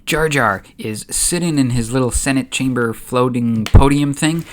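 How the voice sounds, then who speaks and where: A man's voice: mid-range voice, normal speed, slight background noise. A man hosting a channel, narrating a story in a casual, chatty way. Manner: chatty, relaxed, uses fillers. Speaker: YouTube host.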